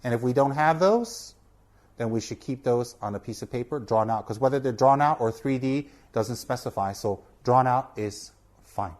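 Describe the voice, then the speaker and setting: A man's voice: mid-range voice, normal speed, a little mellow. Earnest man giving a Buddhist teaching. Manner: earnest, repeats for emphasis, asks "okay?". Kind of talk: informal teaching talk to camera.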